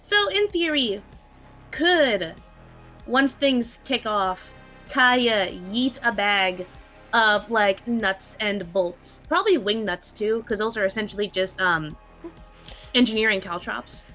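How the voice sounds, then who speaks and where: A woman player in a tabletop game, chatting casually with giggly, animated banter. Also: medium pitch, takes it slowly, soft background music. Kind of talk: casual chat.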